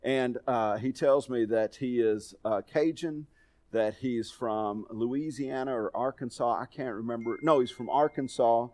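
A man's voice: mid-range voice, a little slow, a little mellow. A middle-aged man preaching a sermon, telling folksy personal stories in a conversational way. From Texas. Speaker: pastor.

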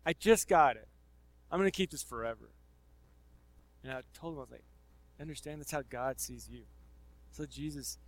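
A man's voice: on the high side, rough recording. Casual, conversational male preacher. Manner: swings between loud emphasis and near-murmured asides. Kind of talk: sermon.

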